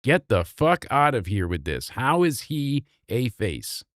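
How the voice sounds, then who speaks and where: A man recapping a wrestling show in a casual, animated, sarcastic way, swearing freely. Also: medium pitch, a little slow, no echo, clean studio sound.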